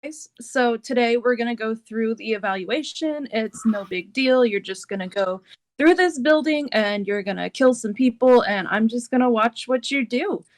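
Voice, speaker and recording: A woman voicing a bored, average male evaluator who briefs a group flatly and dismissively. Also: fairly high pitch, normal speed, lightly acted.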